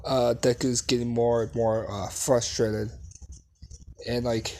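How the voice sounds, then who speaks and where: Slow, halting male storyteller. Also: medium pitch, flat delivery, mellow. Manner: halting, full of fillers and restarts. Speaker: fan storyteller. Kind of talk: casual unscripted story retelling.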